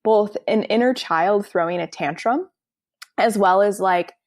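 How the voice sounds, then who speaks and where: Woman author talking fast and lively. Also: medium pitch, no echo. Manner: animated, acts out inner voices in quotes. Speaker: author and podcast guest. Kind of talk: casual interview conversation.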